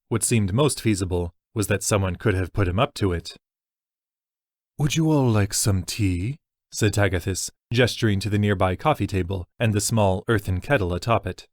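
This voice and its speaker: Low-voiced man narrating. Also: dry recording, studio quality. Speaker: audiobook narrator. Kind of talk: scripted fantasy narration.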